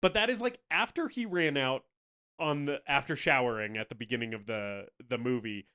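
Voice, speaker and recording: A man co-hosting a casual movie review podcast, animated and swearing, laughing often and acting out scenes. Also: medium pitch, moderate pace, smooth. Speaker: podcast co-host.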